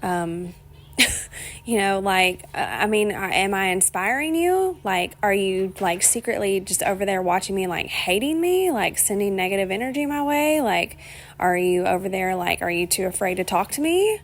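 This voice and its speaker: A woman's voice: mid-range voice, lively intonation, normal speed. A woman hosting her own solo podcast, rambling in a chatty, emotional way, laughing often and swearing casually. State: emotional, near tears. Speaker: podcast host.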